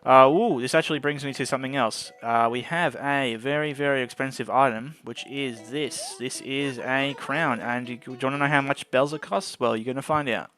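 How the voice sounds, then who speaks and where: Male let's-play host, casual and chatty, stumbles now and then; average pitch, soft music underneath. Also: normal speed, hardly any pauses. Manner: chatty, often trips over his words. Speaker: gameplay video host. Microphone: desk microphone.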